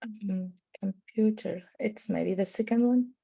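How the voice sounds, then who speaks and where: A woman's voice: mid-range voice, a little slow, gravelly, dark tone, husky. A woman who speaks Arabic as her first language, answering tentatively and thinking aloud as a student in an English lesson.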